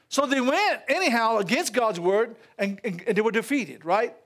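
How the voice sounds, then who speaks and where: Preaching in church with a Louisiana Southern accent, this male pastor throws animated call-outs and laughing asides to his congregation. He has a very high-pitched voice and keeps a moderate pace with few pauses.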